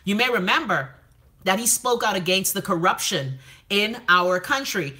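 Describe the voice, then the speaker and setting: Blunt Bahamian woman chatting live. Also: a little high. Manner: blunt, profane, lively commentary. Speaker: live stream host. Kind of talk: casual live-stream chat reading comments.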